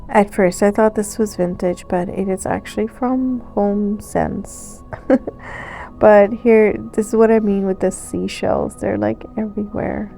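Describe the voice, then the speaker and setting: A woman narrates a shopping vlog in a chatty, relaxed voice-over, her nose a little stuffy. Her voice is warm and a touch gravelly. Soft music plays underneath. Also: mid-range voice, a little slow. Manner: chatty, relaxed, with fillers and small laughs. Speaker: thrift vlogger. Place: recorded voice-over.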